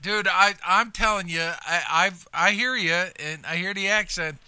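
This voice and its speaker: A man's voice: sits high, a little slow, bright, forceful tone, clear, resonant tone, no echo. A man from Illinois hosting a comedy podcast, chatting casually and laughing often. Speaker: host.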